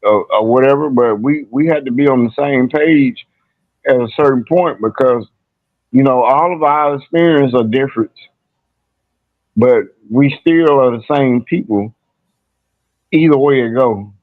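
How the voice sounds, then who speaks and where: A man's voice: medium pitch, a little slow, pauses often. A man calls into a live-stream panel, talking casually and rambling with many fillers. He comes through a tinny phone line with a dry sound and no room echo. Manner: rambling, repeats "you know what I'm saying".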